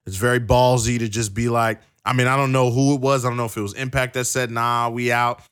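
A man's voice: medium pitch, little pitch movement, fairly quick, a bit bright, clean tone. A man co-hosting a casual wrestling podcast who stammers and restarts, then reads long quotes aloud. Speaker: podcast co-host.

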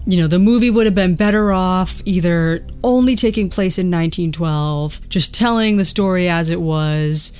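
A woman's voice: fairly low pitch, normal speed, hardly any pauses, a little mellow, clear, resonant tone. A young woman casually talking through a movie with a co-host, chatty and full of fillers. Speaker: podcast co-host. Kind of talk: casual movie commentary chat.

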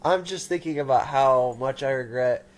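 A man's voice: mid-range voice, moderate pace. A young man hosting a podcast, teasing his guest, his voice sick and stuffy. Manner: teasing, laughs often. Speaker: podcast host. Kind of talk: casual chat.

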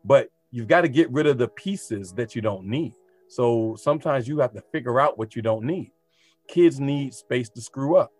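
A man's voice: medium pitch, lively intonation, moderate pace, a little mellow, dry recording, faint music behind. A man who teaches art, talking casually and animatedly, often asking rhetorical questions. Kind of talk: casual podcast conversation.

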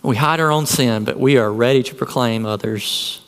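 A man's voice: medium pitch, normal speed, a bit bright, clear, resonant tone. Earnest male pastor preaching in a hall. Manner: earnest preaching with rhetorical questions. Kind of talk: sermon.

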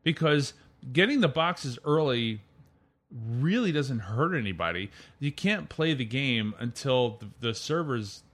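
A man's voice: medium pitch, very animated, measured pace, a bit bright. A man hosting a casual gaming podcast, chatty and opinionated, steering the conversation through the news. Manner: chatty, opinionated, leads the topics. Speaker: podcast host.

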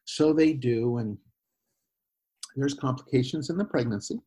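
Husky-voiced man telling a story. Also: mid-range voice, measured pace. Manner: animated retelling with quoted voices, laughs, frequent restarts. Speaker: guest, former missionary. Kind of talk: conversational storytelling.

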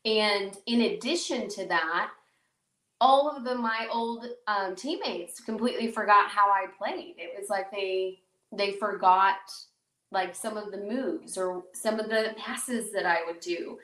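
A woman podcast host from the Chicago suburbs telling a personal story in a casual, animated way, full of fillers and acted-out quotes. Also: mid-range voice, unhurried, distant mic. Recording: roomy echo, voice a bit off-mic.

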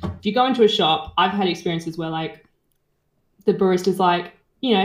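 A woman co-hosting a podcast, cheerful and quick to laugh. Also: fairly low pitch. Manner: laughs easily, cheerful, trails off. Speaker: podcast co-host. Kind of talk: casual chat. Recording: roomy echo.

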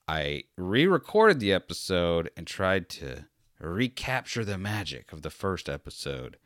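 Low-voiced man rambling through a podcast. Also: a bit bright, clean tone, no echo, studio quality. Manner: rambling and self-deprecating. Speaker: podcast host. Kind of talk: casual solo monologue.

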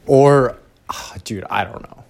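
Speaking slowly in a mid-range, gravelly, slightly mellow voice, this young podcast host talks alone into a home recording rig with headphones. He rambles casually, profane and self-deprecating, often letting his sentences trail off.

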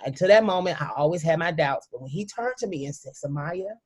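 A woman's voice: low voice, lively intonation, darkish tone, slightly rough. Emphatic woman telling a personal story. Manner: emphatic, speaks straight to listeners; emotional, sometimes halting. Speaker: guest.

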